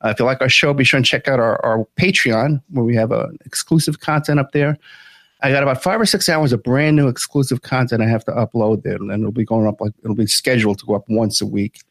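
Speaking fairly quickly with a fairly bright, mid-range voice, this man hosts a podcast, promoting the show and talking casually with guests. There's no echo, and his folksy, relaxed chat is packed with fillers.

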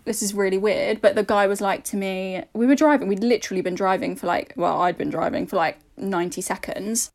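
A young woman co-hosting a podcast, talking in an easy, chatty way. Her softened northeast London accent comes through as she tells lively stories and mimics the people in them. Her voice sits at a middling pitch. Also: fairly quick, few pauses. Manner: chatty, animated storyteller who mimics others. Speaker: podcast co-host. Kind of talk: casual chat.

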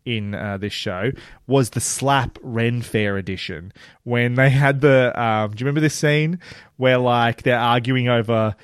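A man, co-hosting a casual podcast chat about a TV show, animated and laughing often, swearing freely. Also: medium pitch, a little slow, smooth, dry recording, clean studio sound. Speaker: podcast co-host.

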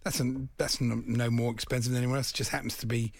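A man's voice: medium pitch, level tone, fast, gravelly, slightly rough, no echo. A middle-aged man co-hosting a radio show, amused and easygoing, reading out listener messages between casual chat. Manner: amused, reads out listener messages, laughs easily. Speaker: radio co-host. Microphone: studio microphone.

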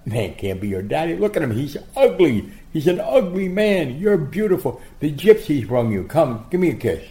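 A man putting on the voice of a famous male boxer who playfully scolds and teases a child, loud and commanding. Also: fairly high pitch, sing-song, moderate pace, pitched above the performer's own voice. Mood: mock-scolding. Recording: roomy echo.

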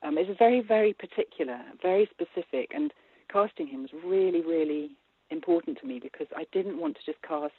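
A husky-voiced woman film director talks through a thin, phone-like line that sounds dry and close. She is chatty, laughs easily and fills her thoughts with small hesitations. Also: on the low side, lively intonation, fairly quick, no echo. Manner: warm, chatty, laughs often, many hesitations. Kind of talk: casual interview chat.

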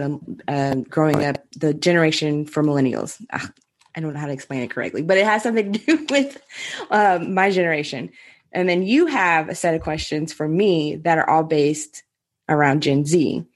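Chatty woman, low voice, full of filler words. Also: moderate pace. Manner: rambling, heavy "like" filler, frequent laughter. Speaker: podcast co-host. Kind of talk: casual chat.

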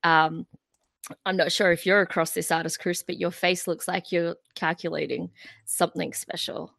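Gravelly-voiced woman podcaster. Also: fairly low pitch, little pitch movement, moderate pace, fairly bright tone, no echo. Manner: chatty, bubbly, many fillers. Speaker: podcast co-host. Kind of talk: casual music podcast chat.

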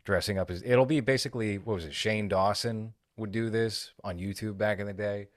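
Deep-voiced wry man, dry sound. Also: fairly even intonation, no room sound. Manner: wry, measured, swears casually. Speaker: podcast host. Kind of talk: casual podcast chat.

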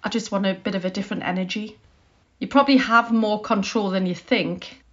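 A woman's voice: mid-range voice, fairly even intonation, a little fast. A chatty woman author being interviewed, who talks about her work in a loose, self-deprecating way. Her voice sits in a middle register. The recording sounds dull and lo-fi. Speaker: short story writer as podcast guest. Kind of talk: conversational interview.

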